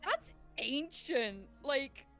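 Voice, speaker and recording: A giggly woman chatting casually, filling her speech with likes. Her voice sits a bit high and bounces around a lot. Faint music plays beneath her. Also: big pitch swings, drawn-out words, fairly bright tone. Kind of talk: casual chat.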